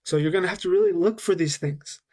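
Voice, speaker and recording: Man, fairly high voice, English teacher, patient, checks in with "okay?". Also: a little mellow. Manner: patient, slows down to demonstrate, frequent "okay?" and "right?". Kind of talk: online course lesson.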